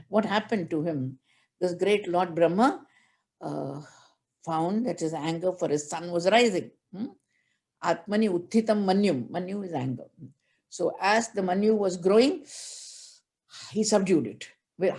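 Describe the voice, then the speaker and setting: A woman spiritual teacher giving a religious discourse, chanting Sanskrit verses and then explaining them in measured storytelling. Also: fairly low pitch, darkish tone.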